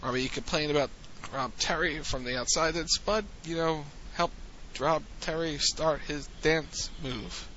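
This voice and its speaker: A man's voice: on the high side, fairly even intonation, unhurried, hardly any pauses, pushed and bright, a little hiss or hum. A man co-hosting a podcast, casually recapping events in a rambling way with restarts. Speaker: podcast co-host recapping wrestling. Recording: dull lo-fi sound with faint ambience.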